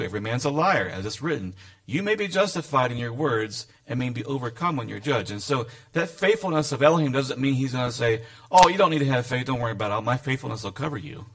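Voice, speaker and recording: Male Bible teacher, mid-pitched with some vocal fry, conversational sermon delivery. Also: a bit bright. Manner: conversational, reads scripture aloud with asides.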